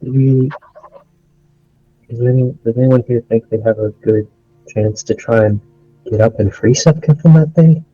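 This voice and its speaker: A man's voice: medium pitch, steady tone, moderate pace, pauses often, slightly rough, no room sound, faint music behind. A man playing a tabletop game, planning aloud and giving the group directions. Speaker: player. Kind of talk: casual tabletop game chat. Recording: dull lo-fi audio.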